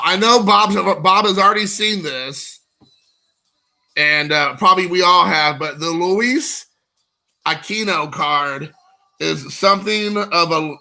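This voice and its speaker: A man's voice: a little high, vocal fry, pushed and bright. A man in his forties hosting a casual card-collecting stream, joking and rambling at his chat viewers. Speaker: card-collecting show host.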